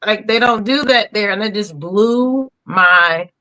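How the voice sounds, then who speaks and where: A young woman, a podcast guest, telling animated stories in casual chat and laughing as she goes. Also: medium pitch, unhurried, low-quality recording. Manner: animated storyteller, laughs through her stories.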